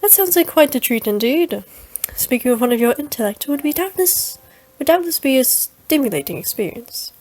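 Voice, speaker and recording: Woman reading as a sultry game priestess in an odd put-on accent, slow and theatrical, a little high. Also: very animated, darkish tone, rough recording. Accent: put-on foreign accent. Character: scheming sultry woman priestess, smooth and flirtatious.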